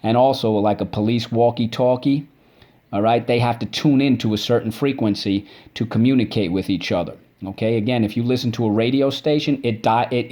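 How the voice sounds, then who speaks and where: A man's voice: on the low side, dark tone. Patient man teaching a spelling lesson. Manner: patient, repeats "okay?" after each point; drawn-out syllable drills.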